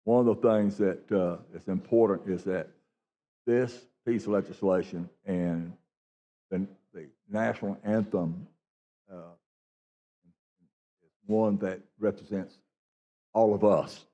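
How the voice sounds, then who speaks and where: An older man, a state senator, answering in a floor debate, halting and full of pauses. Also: on the low side, steady tone, dark tone. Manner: halting, many uh fillers. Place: legislative chamber.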